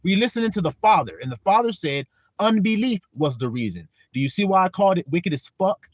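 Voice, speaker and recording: A man's voice: high-pitched, expressive, fairly quick, no room sound. A man preaching a casual sermon to an online flock, firing rhetorical questions in a blunt, profane way.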